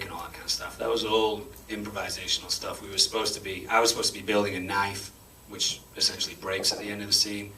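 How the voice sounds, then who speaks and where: Deep-voiced man, chatty and wry. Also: little pitch movement, bright, forceful tone. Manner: chatty and self-deprecating, quick to laugh. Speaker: actor answering audience questions. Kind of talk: festival Q&A after a screening. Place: cinema auditorium before an audience. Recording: distant mic with faint room noise.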